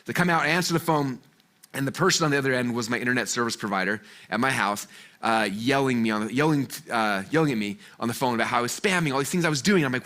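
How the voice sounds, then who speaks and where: Fast-talking animated man telling stories. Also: medium pitch. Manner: animated, acts out the voices in his stories, many fillers. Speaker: guest speaker at a business seminar. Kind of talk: energetic storytelling talk to a live audience.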